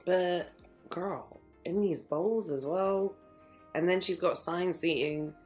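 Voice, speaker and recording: A woman, recapping a reality TV episode in an animated, gossipy casual chat full of quick asides and laughter. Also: fairly low pitch, soft background music.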